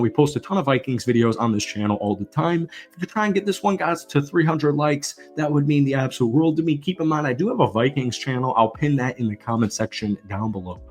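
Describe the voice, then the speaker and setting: Male sports vlogger, emphatic ranting delivery, mid-pitched, faint music underneath. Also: fast talker, few pauses. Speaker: football channel host. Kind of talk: sports commentary vlog rant.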